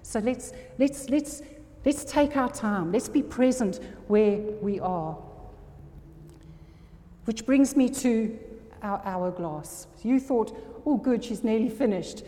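Mellow-voiced woman preaching in a hall. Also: fairly high pitch, animated, slow pace. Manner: earnest, checks in with the audience often. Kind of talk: sermon. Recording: long reverb of a hall.

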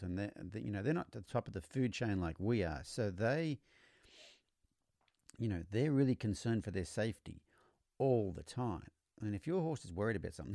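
A man hosting a podcast, explaining horse training in a relaxed storytelling way, often repeating words as he restarts. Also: on the low side, vocal fry, no room sound, studio quality. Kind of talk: conversational teaching monologue.

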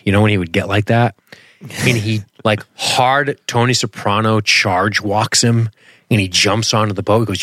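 A man's voice: on the low side, moderate pace, a bit bright, dry recording, studio quality. A man co-hosting a podcast, chatting casually about a TV episode, swearing freely, laughing often and acting out quotes. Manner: profane, laughs a lot, acts out quotes. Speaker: podcast co-host. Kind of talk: casual chat reviewing a TV episode.

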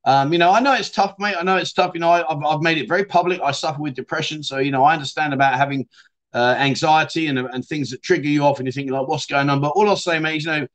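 A middle-aged man with a Yorkshire accent, casually chatting on his livestream and reading out viewer comments, calling people mate and my friend, often trailing off softly. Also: on the high side, steady tone, fast. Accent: Yorkshire English. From England. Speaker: livestream host.

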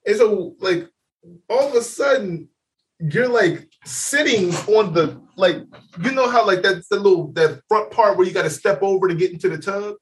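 A man co-hosting a podcast, telling a story in casual chat, laughing often and loudly acting out what people said. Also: sits high, moderate pace, distant mic. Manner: animated, laughing, acts out quotes loudly. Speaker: podcast co-host.

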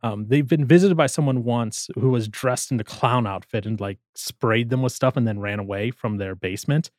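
A man's voice: mid-range voice, normal speed, darkish tone, dry recording. Guy telling a story on a podcast, acts out the lines, dry close sound. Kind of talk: casual chat.

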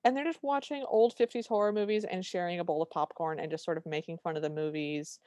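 A woman's voice: lowish voice, steady tone, quick pace, mellow, no echo. A woman co-hosting a podcast, recapping a movie in casual chat with dry, wry humor. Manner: dry, wry storytelling with quoted lines. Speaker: podcast co-host.

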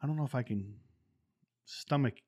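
A man's voice: medium pitch, moderate pace, slightly rough. A middle-aged man, a former Marine, casually telling stories and acting out the voices of people in them. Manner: animated, acts out quoted voices, laughs often. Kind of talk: casual storytelling.

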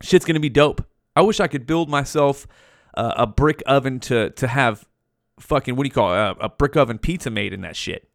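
A man's voice: medium pitch, fairly quick, gravelly, no echo. Profane rambling man, dry close sound. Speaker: podcast host. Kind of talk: rambling casual monologue.

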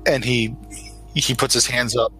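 A man runs a tabletop role-playing game as game master, with a bright voice. His narration is loose and full of fillers. Faint music plays underneath. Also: mid-range voice, level tone, measured pace, low-quality recording.

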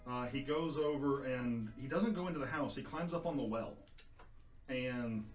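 Relaxed male game master, echoey room. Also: mid-range voice, normal speed, faint music behind. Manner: relaxed, rambling, many fillers and hedges. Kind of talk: narrating a tabletop game.

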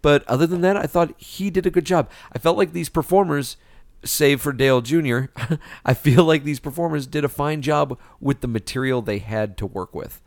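A man co-hosting a film review podcast, chatting casually and giving measured opinions with hesitant fillers. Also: fairly high pitch, dry recording, clean studio sound. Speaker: podcast co-host reviewing films. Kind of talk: casual chat.

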